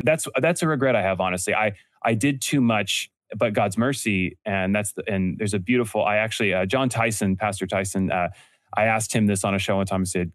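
A man's voice: fairly low pitch, fairly quick, no echo, studio quality. A man talking as a guest in a casual interview, telling stories earnestly with frequent restarts. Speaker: guest entrepreneur.

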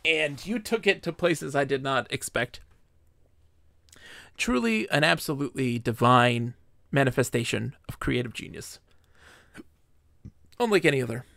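A male streamer who reads with theatrical, mock-grand flair and then slips into casual chat. His voice carries a gravelly edge. The sound is dry and close on a desk microphone. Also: mid-range voice, measured pace, pauses often, bright, forceful tone, no room sound.

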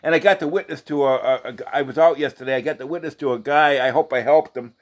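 A man reading scripture aloud as a lay preacher, halting and restarting often, then drifting into rambling, informal testimony. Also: medium pitch. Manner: casual and rambling when talking off the text, often asks "you know?".

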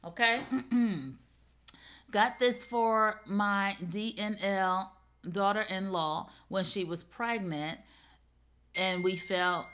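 On a live shopping show, a middle-aged host with a fairly bright tone speaks directly to viewers, pitching deals in a lighthearted, talkative manner.

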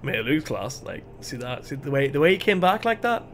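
Male streamer, excitable, sweary, high voice, loud game noise behind. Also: a little fast. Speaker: livestreamer. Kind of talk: casual gameplay commentary.

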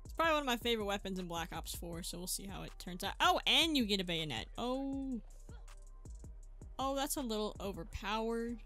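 Excitable bright-voiced woman gaming host. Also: mid-range voice, a little fast. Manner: excitable, yelps and exclaims mid-game, chatty to viewers. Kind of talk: gameplay commentary. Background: faint background music.

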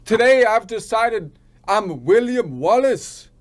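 A man's voice: sits high, lively intonation, takes it slowly, pitched above the performer's own voice. A man doing a boastful Scottish warrior. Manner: proud, declaiming.

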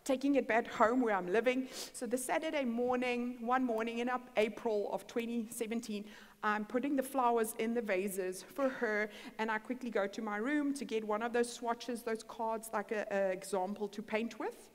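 A woman's voice: on the high side, steady tone, moderate pace. A woman preaching a storytelling sermon in a church hall, acting out the dialogue in her stories. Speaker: guest preacher. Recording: long church-hall reverb.

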